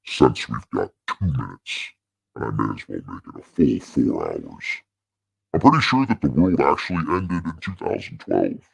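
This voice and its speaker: A man putting on a demonic deep voice through a voice changer, growling crude threats and jokes as a channel host. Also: big pitch swings, moderate pace, gravelly, husky, no room sound, exaggerated voice. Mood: joking.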